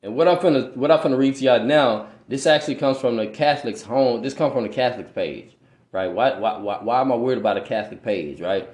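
A man preaches casually on a podcast, his slangy street speech full of "right?" questions and stumbles whenever he reads aloud. The informal religious teaching comes in a fast, slightly mellow mid-range voice, recorded in an echoey room.

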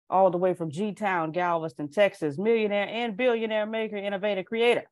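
A woman's voice: mid-range voice, darkish tone, no echo. A woman enthusiastically introducing the main speaker on a group call. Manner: announcing, enthusiastic.

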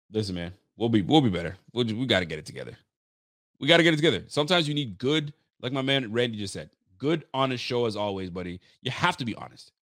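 A man's voice: fairly low pitch, no room sound, studio quality. A young man hosting a live fan podcast, venting bluntly and swearing freely as he reads out viewer comments. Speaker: podcast host.

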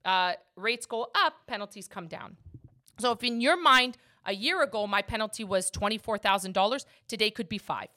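A woman's voice: mid-range voice, animated, moderate pace, sharp tone. A woman who works as a mortgage agent and hosts a podcast, talking casually and emphatically about her work.

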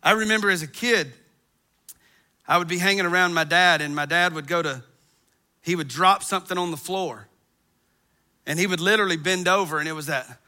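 A middle-aged pastor preaching with an animated, storytelling delivery. His voice is high and very bright, and it cuts right through. He acts out groans and sighs to bring his stories to life. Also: a little fast, long pauses. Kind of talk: sermon.

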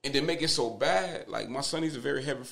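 A young man with a gravelly, fry-edged voice tells stories as a podcast guest. His delivery is animated and profane, often breaking into laughter, and it swings between loose, easy chat and bursts of loud retelling. His voice sits at a middle pitch. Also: fast talker. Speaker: podcast guest, father of twins. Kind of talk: casual podcast storytelling.

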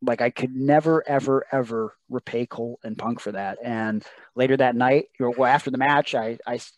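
A man's voice: mid-range voice, fairly even intonation, moderate pace, slight background noise. Earnest man telling a story. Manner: emotional, earnest storytelling with quoted dialogue. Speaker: podcast guest, wrestler. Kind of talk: casual storytelling interview.

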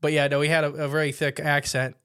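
Man, podcast co-host, quick rambling chat, smooth clear voice. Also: fairly high pitch, flat delivery, a bit bright. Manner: rambling, chatty. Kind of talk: casual chat.

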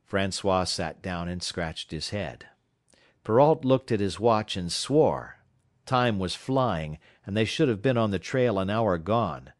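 Low-voiced male audiobook narrator. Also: no room sound, studio quality. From South Carolina. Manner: measured, steady storytelling.

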